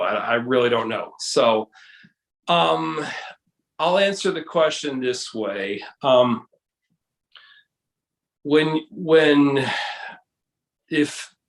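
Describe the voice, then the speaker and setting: A man's voice: mid-range voice, animated, slow pace, pauses often, roomy sound, low-quality recording. A man guest in a casual video chat, explaining at length with many restarts and hesitations. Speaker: guest, case researcher.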